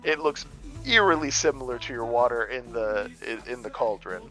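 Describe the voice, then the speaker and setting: A man's voice: mid-range voice, normal speed, sharp tone. A man from the American Midwest running a tabletop game as game master, narrating loosely with plenty of fillers. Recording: dull lo-fi audio, faint music.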